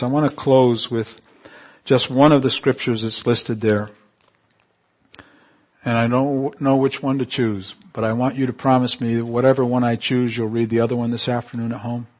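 A man preaching a sermon, calling on the congregation for amens and swinging from emphatic peaks to soft, quiet asides. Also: medium pitch, flat delivery, unhurried. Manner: call-and-response, rising to emphatic peaks then dropping soft.

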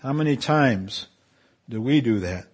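A man preaching a sermon in an animated way, often repeating and restarting phrases and building to loud, emphatic peaks. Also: medium pitch, measured pace, husky.

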